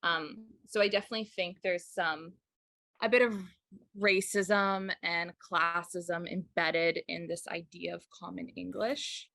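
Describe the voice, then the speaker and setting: A woman's voice: on the low side, steady tone, measured pace, gravelly, bright, forceful tone, no echo. A woman speaking earnestly in an interview, searching for her words. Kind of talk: thoughtful interview talk.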